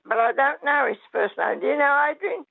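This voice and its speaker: An older woman calling in to a radio show, talking in a warm, halting, hesitant way over the phone. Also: high-pitched, gravelly, dry recording. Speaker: caller. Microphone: phone line. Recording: tinny phone line.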